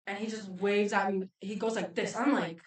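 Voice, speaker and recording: A woman's voice: mid-range voice, normal speed. A woman, a club promoter, telling a long story in casual chat, full of swearing and filler words, acting out what people said. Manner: animated, profane, filler-heavy, acts out dialogue. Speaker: podcast guest, club promoter. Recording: roomy echo, distant mic.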